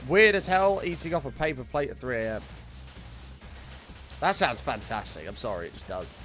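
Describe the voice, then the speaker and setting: A young man chatting casually with viewers while streaming a game, excitable and swearing freely. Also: medium pitch, fast talker, soft background music. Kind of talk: casual live-stream chat.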